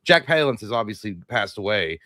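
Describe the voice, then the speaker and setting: Fast-talking excited man, casual chat. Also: lowish voice, dry recording, clean studio sound. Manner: excited storyteller, acts out quotes. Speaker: co-host of a live movie show.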